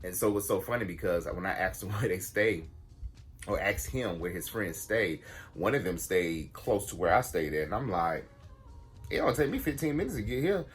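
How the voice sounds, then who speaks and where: A man telling a story to his viewers in a casual vlog, blunt and animated, swearing freely and calling his audience y'all. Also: deep voice, moderate pace, breathy edge, faint music behind. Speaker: vlogger.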